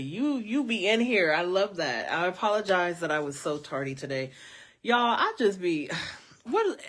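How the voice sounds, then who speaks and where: Woman tarot reader, live stream; low voice, very animated pitch, chatty. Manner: chatty, animated, lots of fillers, speaks to viewers as y'all. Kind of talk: casual live-stream reading.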